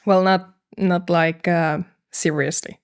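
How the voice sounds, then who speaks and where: A young woman who manages a band and sings in it, appearing as a guest on a casual podcast, talks things through hesitantly. Her voice is lowish, clean and fairly even, and she goes slowly. She's thoughtful, often using fillers and laughing.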